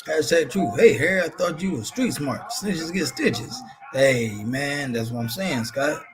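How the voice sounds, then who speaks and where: A man's voice: on the high side, normal speed, music in the background. A man hosting a live stream, giving slangy, laugh-filled casual commentary and reading chat aloud.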